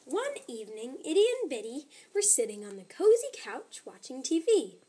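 A woman narrating a children's story in an expressive, animated way. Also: high-pitched, moderate pace, husky.

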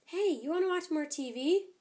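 A woman's voice: very high-pitched, lively intonation, normal speed, warm tone. A woman voicing a friendly, sensible little female kitten who chats in a cheerful way.

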